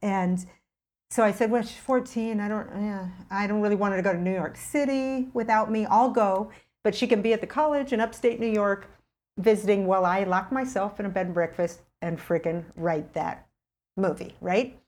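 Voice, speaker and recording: A middle-aged woman, appearing as a guest, casually shares a story from her own life at a normal pace. She acts out what she was thinking back then, her pitch leaping about in a lively way.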